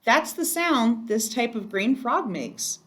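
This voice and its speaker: A woman's voice: fairly high pitch, expressive, slow, fairly bright tone, voice pushed up. A woman doing a patient schoolteacher wife. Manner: patient, matter-of-fact. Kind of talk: children's book read aloud.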